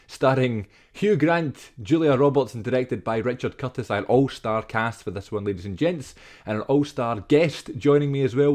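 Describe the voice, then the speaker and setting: A man's voice: mid-range voice, a little mellow. A Scottish man in his twenties hosting a podcast, chatting casually and teasing his friend. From Scotland. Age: 20s. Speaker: podcast host. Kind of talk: casual chat.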